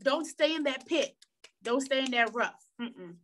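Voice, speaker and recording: A woman's voice: sits high, animated, a little slow, fairly bright tone, a little hiss or hum. A young woman giving an earnest motivational talk with a preachy tone, repeating phrases for emphasis. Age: young adult. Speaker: guest speaker.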